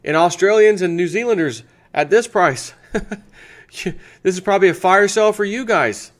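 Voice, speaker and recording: A man's voice: high-pitched, animated, moderate pace. An American man hosting his own channel, casually chatting through a sponsor segment and thinking aloud with restarts. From United States. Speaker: channel host.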